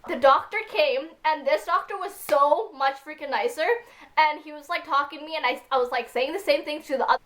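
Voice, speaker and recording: A woman speaks to camera in a high voice, rambling through her story. She is upset and fills every sentence with "like" and "freaking". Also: fairly quick, a bit bright, a little hiss or hum. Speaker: vlogger.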